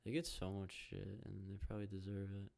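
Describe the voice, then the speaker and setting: A young man hosts a loose, profane solo podcast, jumping between jokes and reactions to a hockey game. His voice sits low and has a gravelly, fried edge. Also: level tone, a little fast. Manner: profane, rambling, jokey, reacts out loud to the game. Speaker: podcast host. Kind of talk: casual solo podcast rambling while watching hockey.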